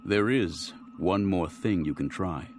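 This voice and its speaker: A man voicing a stern male Jedi master who speaks evenly, low and measured. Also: a little hiss or hum.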